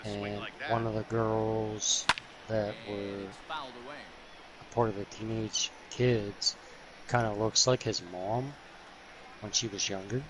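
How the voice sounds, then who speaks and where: A man's voice: on the low side, level tone, slow, long pauses. Man rambling in slang over game crowd noise. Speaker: gaming video host. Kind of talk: casual chat while playing.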